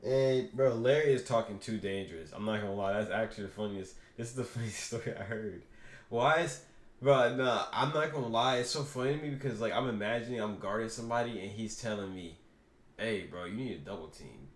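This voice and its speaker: A man reacting to clips, talking casually and excitedly to his viewers in slang. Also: medium pitch, brisk, roomy sound. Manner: animated, slangy, talks to viewers. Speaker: reaction streamer.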